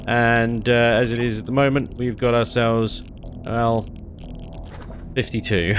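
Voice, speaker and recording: A man's voice: mid-range voice, measured pace, long pauses, a little hiss or hum. A man chatting casually while playing a space game, rambling and laughing often. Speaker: game streamer. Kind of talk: casual gameplay commentary.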